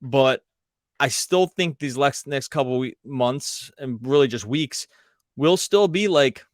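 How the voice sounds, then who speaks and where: Sports pod cohost dude, dry mic, stops and restarts a lot, jokes around. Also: male voice, mid-range voice, animated, dry recording. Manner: halting, restarts often, jokey. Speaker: podcast co-host. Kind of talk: casual sports podcast talk.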